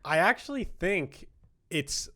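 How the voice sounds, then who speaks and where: Higher-voiced young man musing aloud. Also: very animated, slow, pushed and bright. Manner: musing, self-explaining, laughs easily. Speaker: podcast co-host. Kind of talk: casual chat.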